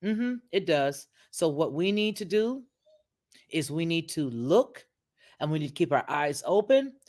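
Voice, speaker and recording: A woman's voice: low-pitched, very animated, a little slow, darkish tone. A woman commenting on a video in a preacherly, emphatic way, quoting scripture as she goes. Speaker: online commentator.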